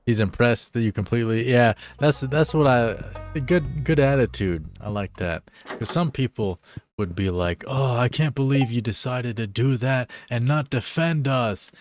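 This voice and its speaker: A man streaming a game live, reading the dialogue aloud and chatting in a playful, excitable way. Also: fairly low pitch.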